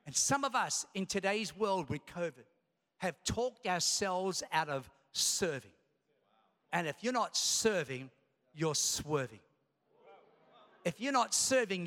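A pastor preaching an energetic sermon, calling out to his congregation as he goes. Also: high voice. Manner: animated, calls out to the congregation. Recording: long reverb of a large hall.

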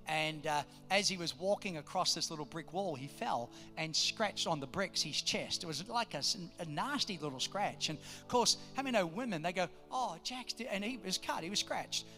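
A man, preaching a sermon, telling family stories and then building to loud exhortations. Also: high-pitched. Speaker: pastor.

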